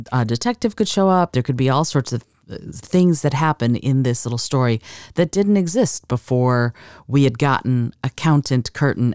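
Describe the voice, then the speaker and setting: A woman's voice: extremely low pitch, warm tone, no room sound, clean studio sound. A woman hosting a podcast on creativity, talking in a conversational, encouraging way. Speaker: podcast host.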